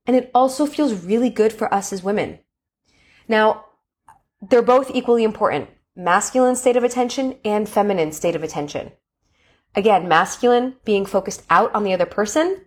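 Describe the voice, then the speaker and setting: A woman hosts a coaching podcast in a mid-pitched voice. She talks expressively and slips into lively acted-out examples. Her delivery is warm with enthusiasm but stays conversational. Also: normal speed. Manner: expressive, acts out enthusiastic quotes. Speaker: podcast host. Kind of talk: coaching monologue.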